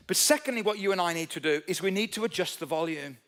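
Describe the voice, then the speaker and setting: A man's voice: sits high, a bit bright. A man preaching a conversational, emphatic sermon at a church service. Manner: conversational, emphatic preaching with a quickening and slowing pace. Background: live instrumental music.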